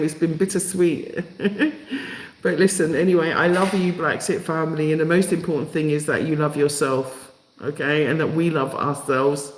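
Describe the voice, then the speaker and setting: A man's voice: fairly high pitch, roomy sound, low-quality recording. Emotional man hosting a live stream. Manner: emotional, repetitive, rallying. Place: home in Africa.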